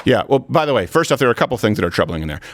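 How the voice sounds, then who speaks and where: A man hosting a political commentary show, talking in a sarcastic, animated way, with loud high bursts and low asides. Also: racing, slight background noise. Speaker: host.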